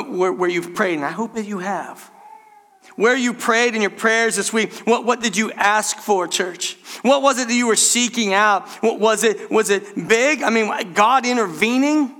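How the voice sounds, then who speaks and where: Male pastor, high bright voice, emphatic sermon delivery, talks straight to the church. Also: moderate pace. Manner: emphatic, repeatedly addresses the congregation.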